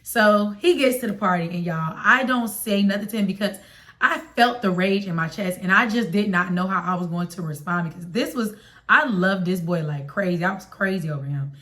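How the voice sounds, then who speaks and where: A young woman from Chicago with a Chicago accent, telling a personal story to her viewers in a confiding, slangy, animated way. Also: mid-range voice, brisk. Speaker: vlogger. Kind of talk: storytime vlog.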